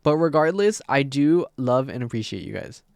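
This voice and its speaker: Excitable swearing male streamer. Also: mid-range voice, normal speed, vocal fry, dry recording. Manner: excitable, rambling, heavy swearing. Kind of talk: casual live-stream chat. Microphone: desk mic on a mic arm.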